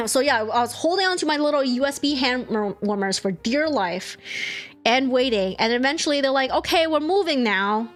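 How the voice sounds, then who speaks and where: A young woman streamer chatting casually, telling a story with animated swearing and acted-out quotes. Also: high voice, moderate pace. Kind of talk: casual chat.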